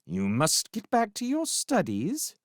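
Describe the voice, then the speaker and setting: A man voicing a gruff, uneasy middle-aged magician with a curt manner. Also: high-pitched, wildly swooping pitch, slow pace, no room sound, studio quality, voice pushed up, exaggerated voice.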